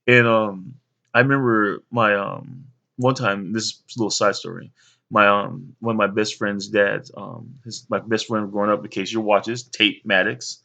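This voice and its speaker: Man, young adult, casual vlog storytelling, filler-heavy and animated, gravelly and bright. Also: on the low side, moderate pace. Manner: rambling, many fillers, animated when quoting others. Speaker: father telling stories to his sons.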